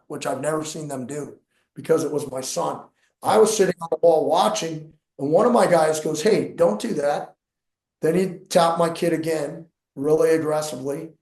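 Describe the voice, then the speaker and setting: A middle-aged man with a fairly high voice tells a gym story in an easy, chatty way, slipping into the voices of the people in it. He sounds like he is in an echoey room. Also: brisk. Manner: animated, acts out dialogue in his stories. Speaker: jiu-jitsu coach and podcast co-host. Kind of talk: casual storytelling.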